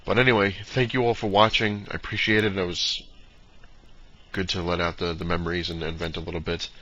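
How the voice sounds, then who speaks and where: A man's voice: low voice, little pitch movement, brisk, bright, forceful tone. A man telling a long personal story in a casual, rambling way, full of fillers, slipping into short impressions of the people in it. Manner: rambling, fillers, mimics dad in quotes. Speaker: vlogger. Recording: dull lo-fi sound with faint noise.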